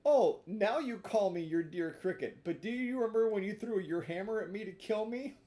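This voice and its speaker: A man voicing a small, wise talking cricket in a read-aloud storybook, speaking in a measured, lecturing way. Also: sits high, warm tone, voice pushed up, natural voice. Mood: reproachful.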